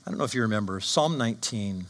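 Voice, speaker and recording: Guy preaching a sermon, really animated pitch, bright forceful tone, keeps asking the crowd questions. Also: fast talker. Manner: emphatic preaching, rhetorical questions. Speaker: pastor.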